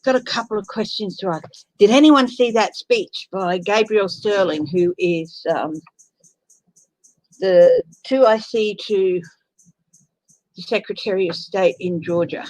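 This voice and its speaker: A tired woman with an Australian accent, chatting slowly and sighing as she greets viewers of her tarot livestream. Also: mid-range voice, darkish tone, no echo, poor audio. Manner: slow, tired, chatty, sighing between remarks. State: tired from lack of sleep. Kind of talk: casual chat with live viewers.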